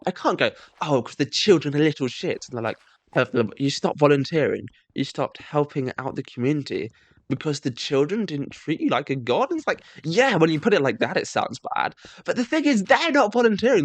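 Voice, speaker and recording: A young man telling a sarcastic comedic monologue, mock-self-righteous, breaking into shrill squeaky voices when he mimics kids. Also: dry recording. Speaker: comedic storyteller.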